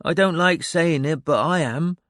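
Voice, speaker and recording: Rip, a man voicing a steady farm boy. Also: fairly high pitch, normal speed, no echo, clean studio sound, pitched above the performer's own voice, natural voice. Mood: reassuring. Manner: reasoning, patient. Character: level-headed farm boy, glum but steady.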